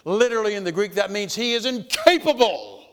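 A man preaching a sermon, emphatic and repetitive, rising into loud insistent bursts. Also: sits high, lively intonation, brisk.

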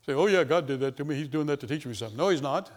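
A man preaching a sermon, emphatic and repetitive, rising into loud insistent bursts. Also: a little high, lively intonation, racing.

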